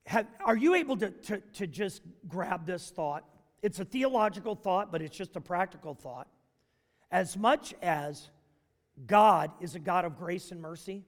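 A male pastor delivering a sermon, moving between loud, emphatic preaching and hushed, intimate storytelling. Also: high-pitched, big-room sound.

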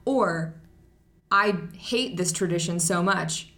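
A woman's voice: on the low side, slow pace, a bit bright, reverberant. A woman co-hosting a podcast, talking casually with lots of fillers and a sarcastic edge. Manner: chatty, many fillers, sarcastic. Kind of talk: casual chat.

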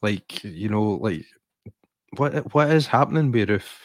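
Low-voiced Scottish man chatting football. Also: expressive, unhurried, dry recording. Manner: rambling and enthusiastic, lots of fillers and restarts. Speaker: podcast co-host. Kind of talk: casual chat.

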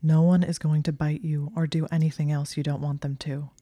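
A woman's voice: little pitch movement, fairly quick, dark tone, no room sound. Draco Malfoy, a protective young wizard, as a woman reads him. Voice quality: low murmured delivery. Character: young man wizard, protective and possessive, gruff.

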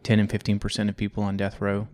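A man co-hosting a podcast, speaking in a calm, reflective and supportive way. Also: on the low side, fast, no echo, clean studio sound. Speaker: podcast co-host. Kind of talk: casual podcast discussion.

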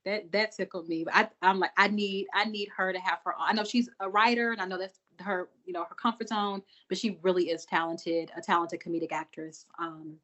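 Lively woman co-host, recaps with playful voiced quotes. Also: fairly quick, few pauses. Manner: animated storyteller, acts out quotes with big pitch jumps. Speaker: podcast co-host. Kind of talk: casual group chat about a TV episode.

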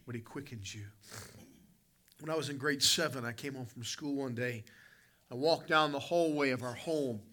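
A man's voice: mid-range voice, normal speed, fairly bright tone. A male pastor, preaching a sermon with folksy, dramatic storytelling and calling out to people in the congregation. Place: church conference hall.

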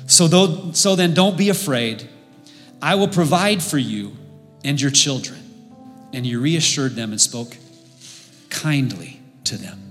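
A man preaching a sermon as pastor, impassioned, building to loud emphatic peaks. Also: a little high. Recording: long reverb with faint music.

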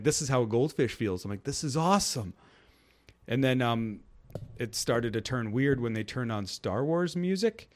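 Speaking in a middle pitch, a young man rambles casually through a long story packed with fillers. When quoting the characters, he raises his voice into a goofy tone.

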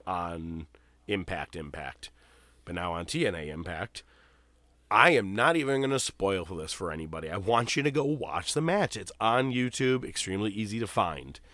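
A man's voice: low-pitched, pushed and bright, no echo. A man hosting a podcast in casual chat, telling long, rambling stories with plenty of swearing. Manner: profane, rambling storyteller. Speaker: podcast host.

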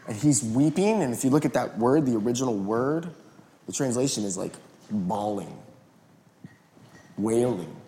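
A male pastor giving a sermon in an animated, conversational way. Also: medium pitch, normal speed, pauses often, slight background noise. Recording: roomy echo.

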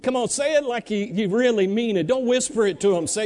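A man preaching a sermon, animated and urging the congregation to answer back, reading Bible verses slowly. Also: sits high. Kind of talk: sermon with congregation call-and-response.

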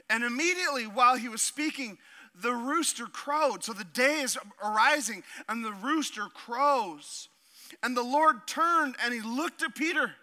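At normal speed, a pastor delivers a sermon in a high, bright, forceful voice, reading from scripture before veering into animated, joking asides.

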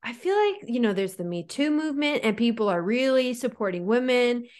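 A woman co-hosting a podcast in casual chat, animated and sarcastic, with lots of "like". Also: on the high side, a little fast. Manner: animated and sarcastic, heavy use of "like". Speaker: podcast co-host.

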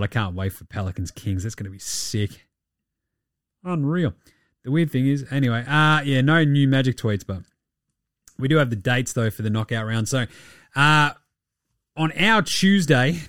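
A man with a mid-pitched voice runs a casual basketball recap from a dry, close-miked spot. He is irreverent and sweary, and he keeps the chat rolling with cheeky asides. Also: no room sound. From Australia. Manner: irreverent, sweary, does mocking voices of players. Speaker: podcast host.

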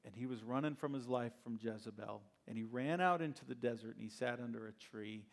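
A man's voice: mid-range voice, a little fast, gravelly. A male pastor preaching a sermon in a conversational, storytelling way, with plenty of rhetorical questions.

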